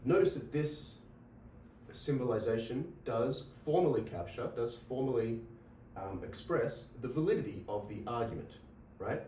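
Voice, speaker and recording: During a logic lecture in a board-equipped classroom, a man keeps restarting phrases, repeats himself, and asks "right?". His medium-pitched, dark-toned voice is expressive and moves at normal speed. The distant mic picks up room echo and slight background noise.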